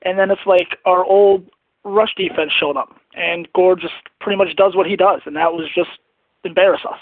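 A man's voice: sits high, steady tone, normal speed, no echo. A man in his twenties leaving an angry, disgusted voicemail about his team's loss. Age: 20s. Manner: angry, disgusted fan venting. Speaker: caller. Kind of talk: voicemail rant. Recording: tinny phone line, dry.

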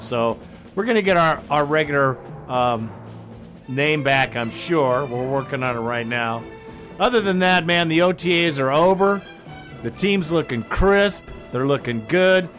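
A man's voice: a little high, a bit bright. A man hosting a sports podcast, talking in a fired-up, enthusiastic way. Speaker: podcast host. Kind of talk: casual podcast sign-off.

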